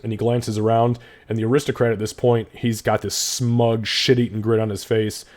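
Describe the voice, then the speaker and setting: A man's voice: fairly low pitch, level tone, normal speed, hardly any pauses, a little mellow. A young man narrating as game master, describing scenes casually with plenty of swearing.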